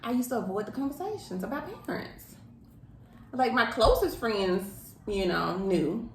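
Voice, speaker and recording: A woman's voice: fairly high pitch, measured pace. A woman, talking candidly and expressively in casual chat. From Alabama, US. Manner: candid, expressive, dialect-heavy talk. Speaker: co-host. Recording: roomy echo.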